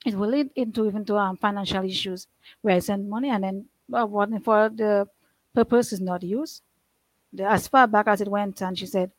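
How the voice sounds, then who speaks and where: Middle-aged woman, earnest testimony, restarts a lot, mid-pitched voice. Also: steady tone, moderate pace, no room sound, poor audio. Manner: earnest, rambling, with frequent restarts and nonstandard grammar. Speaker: guest sharing her life story. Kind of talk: emotional personal testimony.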